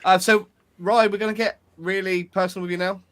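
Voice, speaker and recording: Bright, eager host. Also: male voice, high voice, flat delivery, fairly quick, slight background noise. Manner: enthusiastic, says mate a lot. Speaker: podcast host.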